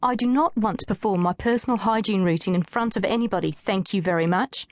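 A woman's voice: medium pitch, brisk, no room sound, studio quality, close to an everyday voice. Audiobook: sardonic, barking feminist woman, read by a woman. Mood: contemptuous. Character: brusque, contemptuous young feminist woman. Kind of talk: audiobook character voice.

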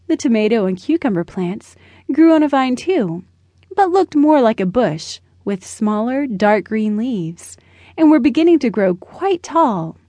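A woman narrating a children's storybook in a gentle, measured way, close to the mic. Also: on the high side, no echo. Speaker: audiobook narrator.

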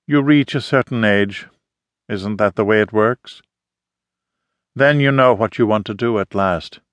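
A man's voice: on the low side, unhurried, no room sound, lightly acted. A man voicing an intense middle-aged woman photographer with a slight foreign accent and formal, emphatic phrasing, read in an audiobook. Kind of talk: audiobook character reading.

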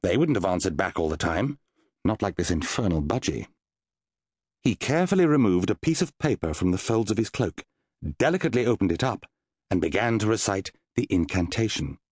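A man narrating a children's fantasy audiobook in a lively, playful manner. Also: fairly low pitch, brisk, husky, no room sound, studio quality.

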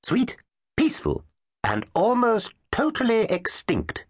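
Tiny twittery old dinosaur scientist, high-pitched and fluttery, storybook reading in a dry booth. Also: male voice, huge pitch swings, slow, slightly rough, no room sound, full character voice. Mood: eager. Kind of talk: audiobook character voice. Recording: dry close studio sound.

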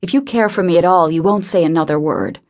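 A woman voicing a guarded, sorrowful young man who speaks in low, terse murmurs. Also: fast talker, a little mellow, lightly acted. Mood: brooding.

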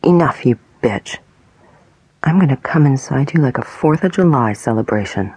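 A woman voicing a cruel, menacing male attacker in a whispered role-play, husky and breathy, taunting and commanding. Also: extremely low pitch, lively intonation, moderate pace, a little mellow, no room sound, full character voice, rough recording.

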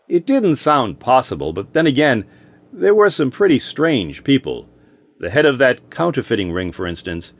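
A man narrating an audiobook in a wry, expressive storytelling manner. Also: medium pitch, dry recording.

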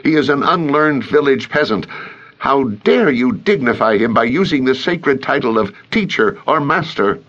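A man's voice: medium pitch, lively intonation, moderate pace, a bit bright, lo-fi sound, pitched above the performer's own voice. A man voicing a cold, scornful male Pharisee councilman in an audiobook, icy and contemptuous.

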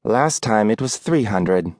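A man's voice: on the low side, animated, unhurried, darkish tone, no room sound, studio quality. A man voicing a plump, blunt landlady who scolds plainly and practically.

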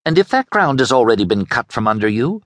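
A man's voice: mid-range voice, sing-song, fast talker, dry recording, voice pushed up, lightly acted. A man voicing a determined young noblewoman in an audiobook, urgent and pleading. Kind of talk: audiobook character voice.

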